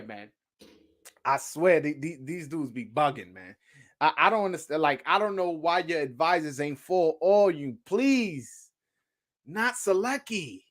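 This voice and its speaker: A man's voice: high voice, fairly bright tone. A man hosting his own show, giving a casual, profane opinion rant with rhetorical questions and many repeats. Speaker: boxing commentator, show host.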